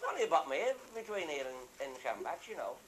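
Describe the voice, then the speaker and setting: A man's voice: a little high, sing-song, quick pace, poor audio. An older man telling a rambling comic anecdote, earthy and swearing freely as he acts out the voices of the people in it. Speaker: storyteller. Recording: loud background hiss.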